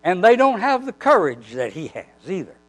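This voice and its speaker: Casting note: male preacher, fairly high, very lively voice, animated storytelling that acts out each exchange. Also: moderate pace, poor audio. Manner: animated storytelling, acting out quoted dialogue. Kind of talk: sermon.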